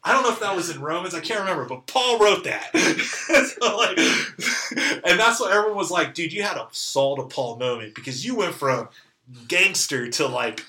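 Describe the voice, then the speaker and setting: This guest, a Californian man with a slightly high voice, speaks at normal speed in a roomy-sounding space. Recounting a personal story casually, he laughs a lot and performs what others said.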